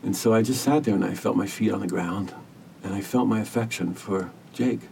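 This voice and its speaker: A man who works as a hospice caregiver, telling a story as a podcast guest in an earnest, gentle, measured way. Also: on the low side, vocal fry, far from the mic, a little hiss or hum. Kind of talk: reflective storytelling interview.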